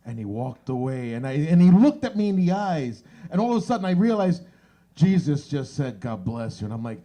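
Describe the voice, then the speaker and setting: A man hosting a stand-up comedy show in a bar, animated and acting out bits. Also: a little high, normal speed. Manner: animated, shifts into exaggerated voices for bits.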